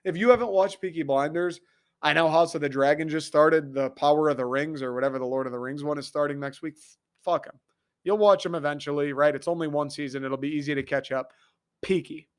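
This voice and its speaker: Going solo on his podcast, an American man launches into an excitable, animated rant peppered with swearing. His voice sits somewhat high for a man, fairly quick and smooth, and his energy jumps around as he gets worked up.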